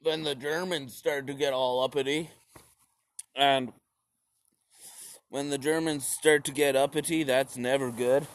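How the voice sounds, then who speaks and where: A man's voice: mid-range voice, fairly even intonation, a little slow, pauses often, no echo, clean studio sound. A man giving a rambling, profane, jokey retelling of history, slipping into silly voices. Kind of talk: profane comic history rant.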